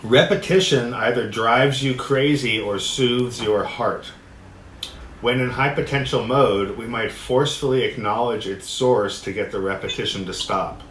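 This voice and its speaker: A man teaching a discussion workshop, reading passages aloud and explaining them in a relaxed way, often laughing. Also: medium pitch, unhurried. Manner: relaxed, laughs often, acts out quoted voices. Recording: echoey room with faint noise.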